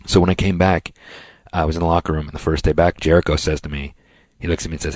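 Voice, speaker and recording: A man with a strikingly low voice co-hosts a podcast, winding through a long anecdote in loose, casual chat. He slips into quick impressions of the people in his story. The sound is dry and close. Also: little pitch movement, darkish tone, no echo. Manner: rambling anecdotes with impressions of others. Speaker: podcast co-host.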